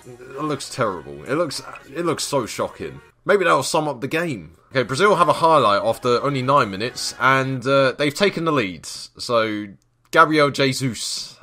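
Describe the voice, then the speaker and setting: A man commentating his own football management game, dry and self-mocking, shouting when a goal goes in. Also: medium pitch. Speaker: gaming YouTuber.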